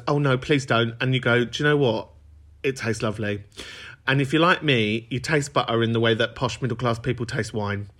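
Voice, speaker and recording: A man's voice: medium pitch, bright, forceful tone. Podcast guy chatting away, jokey and camp, voice jumps up and down a lot. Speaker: podcast host. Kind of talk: casual chat.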